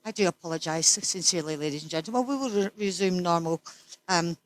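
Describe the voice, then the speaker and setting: A woman's voice: on the low side, fast talker. A Scottish woman in her sixties, an interview guest who talks bluntly and swears freely, as if ranting in casual chat. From Scotland.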